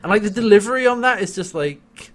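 Co-host, male, animated recap delivery with a lively pitch range and a slightly higher voice. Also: brisk. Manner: animated, laughs often, acts out quoted lines. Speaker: podcast co-host recapping a TV episode. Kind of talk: casual chat.

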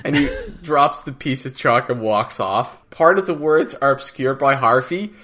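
Relaxed man with wry asides. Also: mid-range voice, unhurried. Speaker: podcast co-host recapping a TV episode. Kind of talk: casual chat.

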